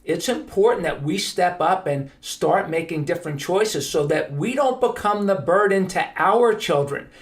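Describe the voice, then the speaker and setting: A man's voice: sits high, expressive, normal speed, hardly any pauses. A man hosting a podcast, telling stories in an earnest, emphatic monologue. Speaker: podcast host.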